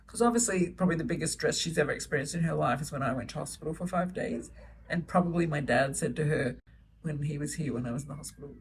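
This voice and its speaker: A woman's voice: deep voice, brisk, distant mic, a little hiss or hum, low-quality recording. A middle-aged woman chatting to camera about her children in a gushing, chatty way, recorded at home. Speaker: vlogger, solo mother. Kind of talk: casual chat to camera. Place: home, indoors, baby asleep nearby.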